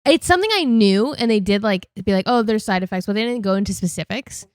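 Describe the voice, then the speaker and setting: A woman in a relaxed podcast chat, mid-pitched and easygoing, who laughs readily and swears casually. Her voice is dry and close to the mic. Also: quick pace, clean tone, no room sound. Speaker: podcast co-host.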